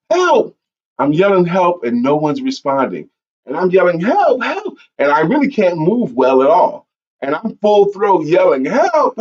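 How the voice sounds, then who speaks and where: Animated man telling a story on a lo-fi stream. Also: mid-range voice. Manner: animated storyteller, acts out yelling. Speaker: podcast co-host. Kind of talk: personal storytelling. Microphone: online stream setup. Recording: dull lo-fi stream audio.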